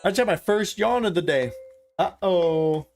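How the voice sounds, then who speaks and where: A young man with a fairly high voice talks loosely to his livestream viewers. He swears freely, wonders out loud and thanks his chat in a relaxed way. He speaks into a desktop streaming mic. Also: normal speed, gravelly, soft background music. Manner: casual, swears freely, thinks aloud.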